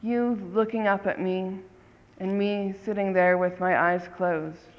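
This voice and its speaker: Storyteller doing a curious little girl, blunt questions, slow, echoey hall. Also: medium pitch, steady tone, muffled recording, natural voice. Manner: questioning, frank. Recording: long hall reverb.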